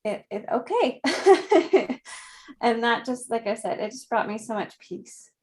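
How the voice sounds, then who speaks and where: A woman in her thirties, a guest in an interview, speaking gently and reflectively, with frequent soft laughs. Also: a little high, big pitch swings. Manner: slow, gentle, reflective, laughs softly often. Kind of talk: conversational interview.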